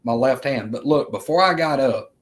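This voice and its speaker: A man from with a mid-pitched voice. He tells a rambling, earnest story straight to his viewers, circling back and repeating himself as he goes. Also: normal speed. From Alabama, US. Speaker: vlogger telling an encounter. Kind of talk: casual storytelling.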